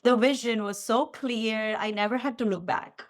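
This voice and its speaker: A woman in her forties, a podcast guest, telling a personal story in a relaxed, animated way and acting out what she said back then. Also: fairly high pitch, moderate pace. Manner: animated, acts out her own past lines. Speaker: podcast guest, physical therapist. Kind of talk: casual storytelling in interview. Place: lived in the Midwest.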